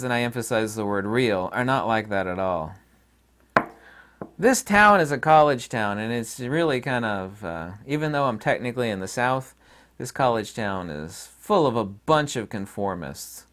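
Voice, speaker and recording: A man's voice: fairly low pitch, expressive, moderate pace, fairly bright tone. A man hosting his own channel, talking in a rambling, opinionated and folksy casual monologue. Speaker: channel host.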